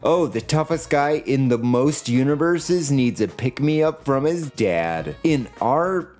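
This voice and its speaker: A man's voice: lively intonation, slow pace, darkish tone, faint music behind. Sardonic man narrating a video essay. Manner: sardonic and jokey, with swings in pitch.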